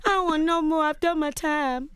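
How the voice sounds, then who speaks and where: Actress guest on a radio show, high-pitched and bright, lively storyteller who laughs a lot. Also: female voice, normal speed, dry recording. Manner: animated storytelling, laughs often. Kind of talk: radio interview chat.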